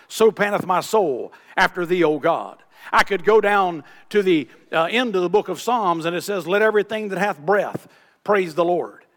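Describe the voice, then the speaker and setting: A man's voice: high voice, fairly bright tone. A man preaching a sermon, reciting scripture in old-fashioned wording and drawing out key words for emphasis. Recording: long reverb of a large hall.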